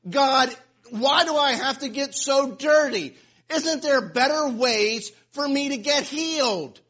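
A man's voice: very high voice, slow pace, fairly bright tone, pitched above the performer's own voice, full character voice. A man voicing a frustrated person whining and pleading with God. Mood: complaining. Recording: dull lo-fi sound.

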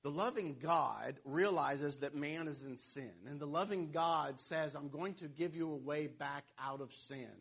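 A man preaches a sermon, retelling the story with playful asides and jokes. His voice sits a little high and sounds husky, and the recording is dull and lo-fi. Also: unhurried, few pauses, a bit bright. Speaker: pastor.

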